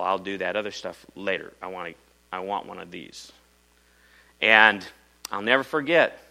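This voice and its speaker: A middle-aged male preacher from Iowa with a lowish, strikingly bright and forceful voice. He tells his story in a dramatic sermon style. Loud pushes alternate with hushed low passages, and a faint hum sits behind him. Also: low-quality recording.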